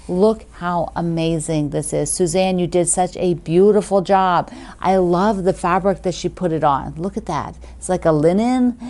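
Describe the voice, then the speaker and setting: A woman's voice: lowish voice, dark tone. A woman hosting a quilting video, chatting casually and gushing as she opens fan mail, laughing often. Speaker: quilting show host.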